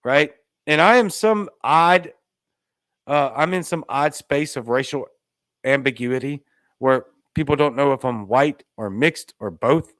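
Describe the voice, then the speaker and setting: In a clean studio with no room sound, a Louisiana podcast host rants through an opinionated commentary at a measured pace. His voice is a bit bright, and his sarcastic, emphatic delivery pushes his pitch upward.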